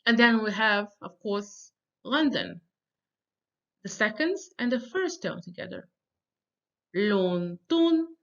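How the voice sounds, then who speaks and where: Woman teacher, fairly high voice, patient beginner drills, slightly muffled lo-fi recording. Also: lively intonation, a bit bright. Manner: slow, deliberate pronunciation drills with frequent pauses and fillers. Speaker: language teacher. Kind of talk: recorded beginner language lesson.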